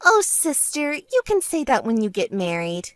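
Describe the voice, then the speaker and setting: In an animated story, a woman voices the bride-to-be's sister, a vain, self-centered young woman who sounds smug and whiny and turns shrill when angry. She speaks at normal speed with no room sound.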